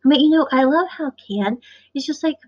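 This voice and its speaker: A woman's voice: high-pitched, normal speed, a little mellow. A woman from the US Midwest, rambling chattily through a casual recap of a show's episode. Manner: rambling, chatty, acts out quotes. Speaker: show reviewer. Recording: dull lo-fi recording.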